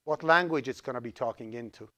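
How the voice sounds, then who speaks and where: A middle-aged man who grew up speaking Azerbaijani, teaching a college programming class in a lively, joking way and putting questions to the students. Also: medium pitch, fast. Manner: lively, asks the class questions, jokes around. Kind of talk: live classroom lecture.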